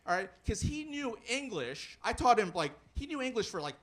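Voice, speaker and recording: Young man, stand-up comic, high pitched, very lively, rambling delivery. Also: moderate pace. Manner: rambling, lots of fillers and restarts. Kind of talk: stand-up comedy set.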